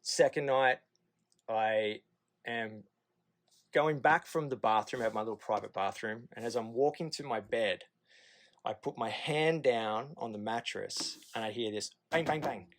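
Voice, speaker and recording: A man's voice: medium pitch, measured pace. A man in his thirties with an Australian accent, telling a podcast story in a candid, profane way and acting out the nurses' lines. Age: 30s. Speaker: podcast guest. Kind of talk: casual storytelling.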